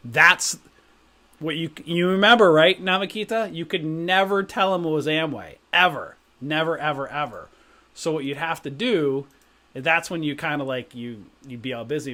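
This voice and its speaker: A middle-aged man chats casually on a livestream, and his voice sits a little high for a man. He wanders from story to story and keeps checking in with a quick "right?". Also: pushed and bright. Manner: rambling anecdotes with frequent "right?". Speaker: stock trading stream host.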